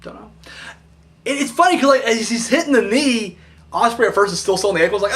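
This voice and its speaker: A man's voice: sits high, quick pace, a bit bright. A man giving a casual wrestling review vlog, rambling, swearing freely and acting out what the wrestlers said in little voices.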